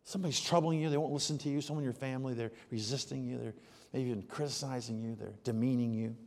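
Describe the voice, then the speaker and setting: A man preaching a sermon, telling stories and moving from hushed asides to loud, emphatic outbursts. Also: medium pitch, steady tone, fast talker, vocal fry, in a large hall. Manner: storytelling, swings from soft asides to loud exclamations. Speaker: pastor.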